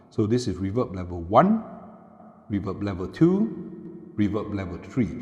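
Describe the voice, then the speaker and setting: Recorded on a small wireless clip mic, a tech reviewer's fairly low voice has its highs cut off. He's demoing that mic casually at home, in a room with an air conditioner, and his relaxed explanation is full of fillers.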